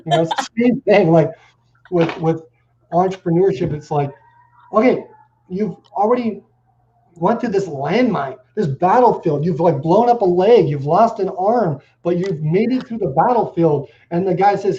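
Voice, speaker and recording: A man speaking as an interview guest, loose and casual, telling stories with "like" scattered through every sentence. His voice is dark and mellow, and the audio sounds dull and lo-fi. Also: sits high, animated, moderate pace. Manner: casual, filler "like" everywhere, storytelling. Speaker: guest, company CEO.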